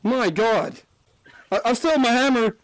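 A man's voice: extremely high pitch, moderate pace. A man streaming a horror game with friends, swearing a lot, laughing and panicking. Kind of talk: casual gameplay chat with friends.

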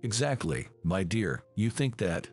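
A man reading a dramatic family story aloud, voicing every character in the same steady narrating voice. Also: on the low side, measured pace, faint music behind. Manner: reads all characters in one steady voice.

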